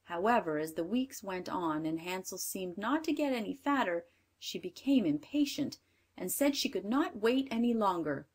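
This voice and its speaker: A woman narrating a fairy tale aloud, with measured, expressive storytelling. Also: medium pitch, husky.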